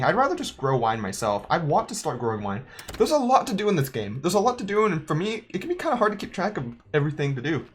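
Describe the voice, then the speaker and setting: A man giving joking, chatty let's-play commentary, thinking aloud as he plays. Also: mid-range voice. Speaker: gaming YouTuber.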